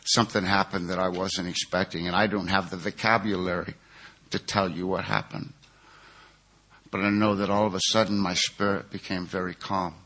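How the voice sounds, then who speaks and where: A man with a lowish, bright, forceful voice tells his story in a plain-spoken, earnest way. He speaks as a recovery speaker at a 12-step conference. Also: level tone, normal speed. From California. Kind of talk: personal recovery testimony.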